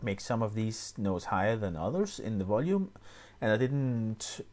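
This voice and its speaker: A man explaining music software step by step, often pausing with fillers and restarting his sentences. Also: on the low side, very animated. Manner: hesitant, many fillers and restarts. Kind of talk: screen-recorded tutorial.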